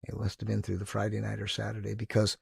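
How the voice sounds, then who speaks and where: Man, podcast guest, animated storyteller, gravelly, husky, dry close sound. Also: fairly low pitch, quick pace, no echo. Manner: animated, acts out quotes. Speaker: guest, motivational speaker. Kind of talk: casual storytelling.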